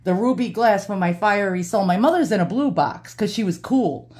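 A woman's voice: mid-range voice, expressive, normal speed, darkish tone. A middle-aged woman with a New York accent, chatting casually and giggling as she shows her glass collection. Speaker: antique collector vlogger. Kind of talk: casual show-and-tell.

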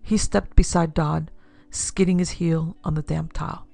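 A woman narrating a classic pulp detective story in a steady, measured way. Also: low voice, creaky. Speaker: narrator and producer. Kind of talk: scripted audiobook narration.

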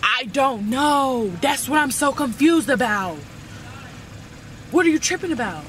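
A woman's voice: high-pitched, lively intonation, unhurried. A young woman, a reality show cast member, telling a heated story in casual speech and cussing a lot. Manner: heated, exasperated venting with lots of cussing. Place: outdoors at night, then heading indoors. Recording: distant mic with loud background noise.

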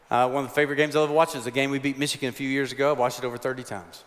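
A man's voice: mid-range voice, level tone, racing, few pauses, a little hiss or hum. A man, preaching a chapel sermon with folksy, humorous storytelling. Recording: long hall reverb.

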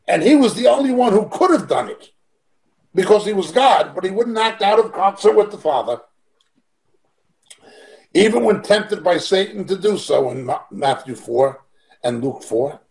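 Guy teaching bible over a video call, kinda high voice, hammers his points twice. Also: animated, unhurried, low-quality recording. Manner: emphatic, repeats key phrases.

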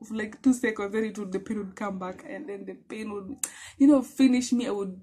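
A young woman with a Kenyan accent telling a personal story in a vlog, animated and emphatic, mixing in Swahili phrases. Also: mid-range voice, a little fast, slight background noise. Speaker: vlogger.

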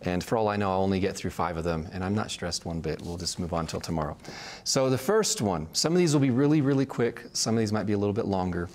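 A man's voice: low voice, expressive, quick pace, a little mellow. A man teaching a casual Bible study, talking conversationally and often checking in with "right?". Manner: conversational, frequent "right?" check-ins, restarts.

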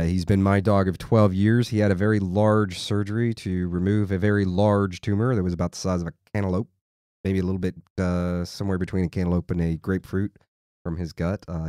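A man hosting a podcast, chatting in a relaxed, rambling, joking way. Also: low-pitched, no room sound, clean studio sound. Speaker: podcast host. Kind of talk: casual chat.

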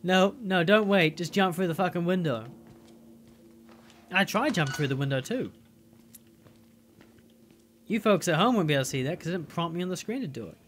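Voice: medium pitch, expressive, normal speed, pauses often, a little hiss or hum. Gamer swearing through a horror playthrough. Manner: profane, exasperated running commentary; yells at the game in bursts. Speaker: let's play gamer. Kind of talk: live gameplay commentary.

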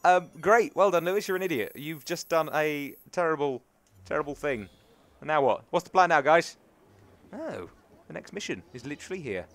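A man's voice: fairly high pitch, expressive, normal speed, fairly bright tone, dry recording. A young British man from England chatting casually and mocking himself as he plays through a video game. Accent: British English. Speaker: gaming YouTuber. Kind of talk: casual let's-play commentary. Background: game music.

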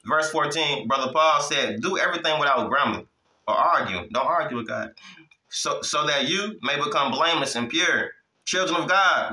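A man teaching from the Bible in a loose, conversational way, with a slightly high, very bright voice. He keeps checking in with his listeners as he preaches, and the sound rings around a roomy space. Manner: repeats "you hear me?" and "listen to me", chuckling, conversational. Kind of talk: informal preaching.

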